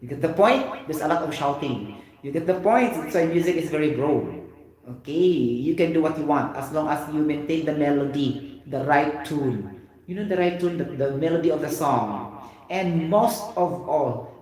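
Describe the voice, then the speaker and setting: A man giving a lively classroom lecture, often checking in with "okay" and "you get the point.". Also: on the high side, moderate pace. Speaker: teacher. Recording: very echoey room.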